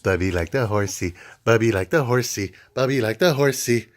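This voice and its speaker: A man's voice: medium pitch, moderate pace, few pauses, dry recording, studio quality. A man reading a picture book aloud to his baby son in playful, sing-song baby talk, making animal noises at home.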